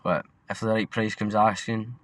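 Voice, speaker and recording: A man's voice: on the low side, fairly even intonation, moderate pace, a bit bright, no room sound. A young Scottish man co-hosting a podcast, chatting casually about football in a blunt, sweary, rambling way. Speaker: podcast co-host.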